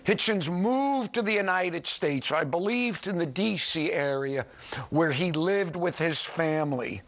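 A man with a New York accent hosting a program, talking in an animated, digressive way with chuckling asides. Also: fairly high pitch, unhurried. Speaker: program host. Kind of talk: conversational radio commentary.

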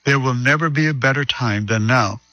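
A man pastor preaching a sermon, reading scripture slowly and deliberately and telling a story. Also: mid-range voice, bright, forceful tone, no echo, highs cut off.

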